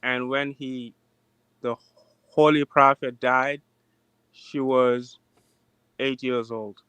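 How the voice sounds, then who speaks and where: A man's voice: medium pitch, little pitch movement, a bit bright, clean tone, dry recording, low-quality recording. A man in his forties calling in to a debate show, speaking hesitantly with many restarts. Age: 40s. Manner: hesitant, halting with fillers. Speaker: caller. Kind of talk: call-in debate.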